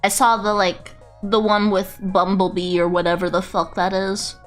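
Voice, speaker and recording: A woman VTuber chatting on a casual livestream, rambling, excitable and swearing freely. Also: medium pitch, moderate pace, faint music behind. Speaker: VTuber streamer.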